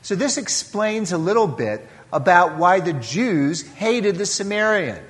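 A male priest gives an earnest sermon in a church, acting out scripture dialogue as he teaches. He speaks slowly, and his pitch rises and falls a great deal. The voice echoes with a long reverb. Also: big pitch swings, a bit bright.

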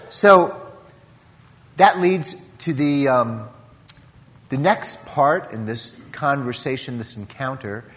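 A male priest gives an earnest sermon in a church, acting out scripture dialogue as he teaches. He speaks slowly, and his pitch rises and falls a great deal. The voice echoes with a long reverb. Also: fairly bright tone.

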